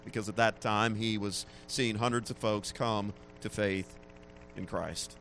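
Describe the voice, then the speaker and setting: A man preaching a sermon who slows down to stress key phrases, rises to loud peaks and drops to a murmur at the ends of lines. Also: lowish voice, fairly even intonation, a little hiss or hum.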